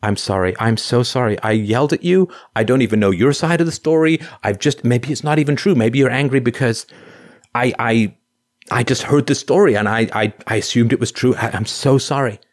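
A man voicing an upset young woman leaving answering-machine messages, shrill and pleading, repeating herself. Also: brisk, natural voice.

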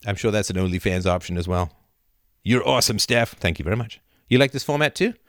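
A middle-aged man hosting a live video chat, reading viewer comments aloud and riffing with animated laughter. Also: on the low side, fast talker, no echo, clean studio sound. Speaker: livestream host answering chat. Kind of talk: casual live-stream chat. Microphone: camera and mic on a live video chat.

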